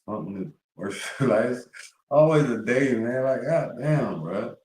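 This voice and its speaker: A man's voice: mid-range voice, lively intonation, unhurried, a little mellow, echoey room. A man streaming live, talking casually to his viewers, rambling and profane with heavy slang.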